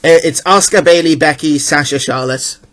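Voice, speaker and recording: A man co-hosting a casual chat, talking fast and joking with quick opinions. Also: on the high side, a bit bright. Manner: chatty, jokey, quick opinions. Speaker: co-host of a wrestling awards chat.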